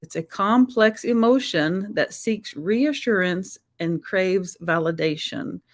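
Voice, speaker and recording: A woman's voice: medium pitch, slow. A woman hosting a live-streamed chat show, talking in an effusive, heartfelt way that is emotional and close to tears. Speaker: host.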